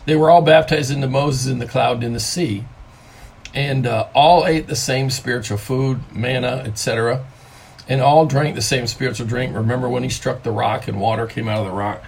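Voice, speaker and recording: An older man, a grandfather, giving a conversational devotional talk from home, stressing key words by slowing down on them. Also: mid-range voice, steady tone, slight background noise. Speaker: pastor.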